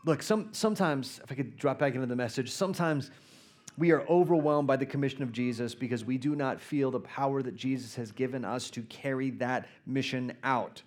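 A man giving a sermon as a guest preacher, earnest and storytelling, who drops into soft prayer at times. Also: mid-range voice. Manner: earnest, storytelling, pauses and prays softly.

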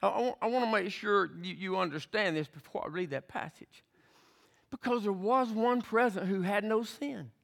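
A man's voice: high-pitched, normal speed, creaky, a bit bright. A male pastor preaching a sermon, emphatic, repeating words as he builds his points and retelling scripture scenes vividly.

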